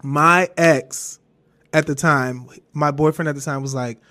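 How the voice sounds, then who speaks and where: A man hosting a podcast, telling a personal story in a candid, rambling, animated way with some swearing. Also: a little high, measured pace. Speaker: podcast host.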